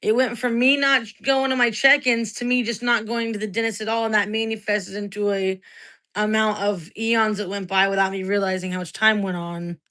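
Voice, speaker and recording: Woman, 30s, bright and forceful tone; rambling, foul-mouthed, confessional livestream talk. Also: mid-range voice, little pitch movement, moderate pace. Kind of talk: casual livestream monologue.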